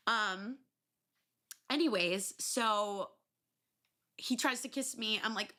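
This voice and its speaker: A young adult woman hosting a podcast, telling stories in a loose, animated way, swearing freely and filling pauses with ums and likes. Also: on the high side. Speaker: podcast host. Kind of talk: casual solo storytelling.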